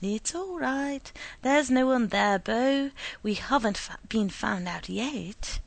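A puzzled, patient wife who answers with questions and calm reassurance, as a woman reads her. The voice sits fairly high and moves lively, with a touch of gravel. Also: unhurried, full character voice. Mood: soothing.

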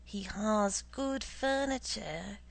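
A woman reading aloud and voicing a timid, stingy male superintendent who speaks hoarsely and dolefully. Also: medium pitch, expressive, a little slow. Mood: sullen.

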